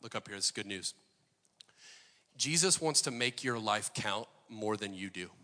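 A man in his forties preaching a sermon as pastor, impassioned and building to near shouts. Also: fairly low pitch, expressive, normal speed, long reverb tail. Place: church auditorium.

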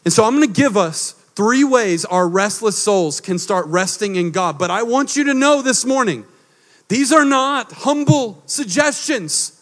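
Energetic preacher with hall reverb. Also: male voice, unhurried. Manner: dynamic preaching, swinging from hushed lows to emphatic highs. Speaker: pastor. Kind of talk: sermon.

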